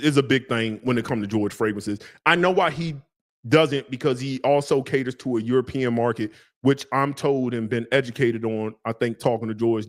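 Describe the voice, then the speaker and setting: A man reviewing fragrances on a live stream, talking casually in slang with lots of joking asides. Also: medium pitch.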